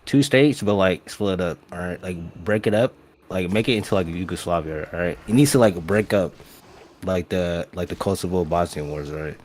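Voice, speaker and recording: A man's voice: low voice, moderate pace, darkish tone, a little hiss or hum. A young man calling in to a livestream, blunt and slangy, repeating "all right?" as he talks. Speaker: caller. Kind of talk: casual call-in banter.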